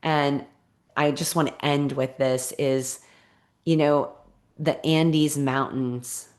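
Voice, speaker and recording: A woman's voice: low-pitched, fairly even intonation, slow. A middle-aged woman podcast host telling a personal story in an earnest, encouraging way, stressing points by repeating them. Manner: earnest, encouraging, emphatic with repetition.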